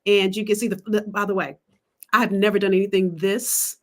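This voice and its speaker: A woman business coach pitching her coaching program on a livestream, emphatic and preacherly, calling out to the audience. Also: steady tone, brisk. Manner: emphatic, testifying, calls out to the audience.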